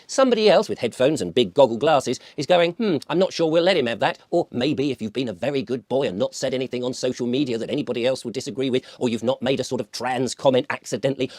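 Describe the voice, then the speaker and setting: A man's voice: mid-range voice, dry recording. A British man in a wry, sarcastic, conversational monologue who slips into put-on voices for little scenes. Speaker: vlogger.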